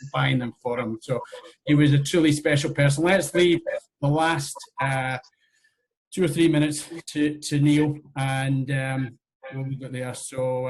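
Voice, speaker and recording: A man's voice: mid-range voice, rough recording. Guy wrapping up a video call, lots of ums, slight hiss behind him. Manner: halting, with many fillers and restarts. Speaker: host. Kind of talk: closing remarks on a video call.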